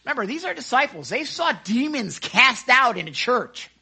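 Animated excitable man teaching the Bible. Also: very high-pitched, normal speed, vocal fry, slightly rough. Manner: excitable, chatty, acts out scenes. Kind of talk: casual Bible study teaching. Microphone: handheld microphone.

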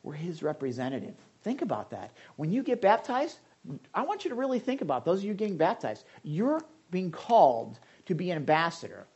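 A man's voice: high voice, sing-song, fairly quick, darkish tone, husky, highs cut off. A male pastor giving a conversational sermon, calling on listeners by name.

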